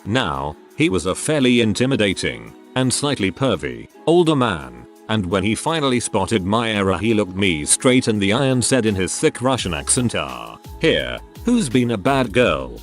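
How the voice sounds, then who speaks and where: A man's voice: fairly low pitch, very animated, normal speed, faint music behind. A man reading out anonymous online stories as a channel's regular narrator, in a scripted read-aloud delivery that sometimes misreads words.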